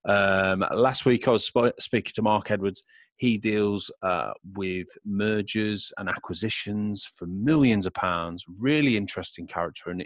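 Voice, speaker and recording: A man hosting a podcast in a chatty, jokey way and laughing loudly. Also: on the low side, no echo. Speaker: podcast host. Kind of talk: casual podcast chat.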